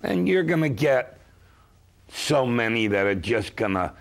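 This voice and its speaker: Slow gravelly storyteller man. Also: medium pitch. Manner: slow, emphatic, lively storyteller. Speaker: guest, consumer advocate. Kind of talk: storytelling talk-show chat.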